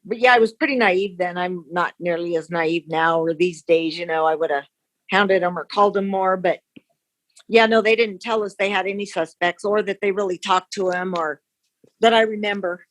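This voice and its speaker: A woman's voice: lowish voice, moderate pace, a bit bright. A woman from the victim's family, talking frankly and casually in an interview. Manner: plain-spoken, frank.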